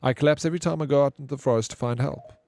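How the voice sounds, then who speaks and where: A man's voice: medium pitch, very fast, darkish tone, no room sound, voice pushed up, lightly acted. A man voicing a young woman, a former warrior running a tea shop, who is stubborn and insistent about rules. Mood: pushy. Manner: insistent, indignant, fixated on rules.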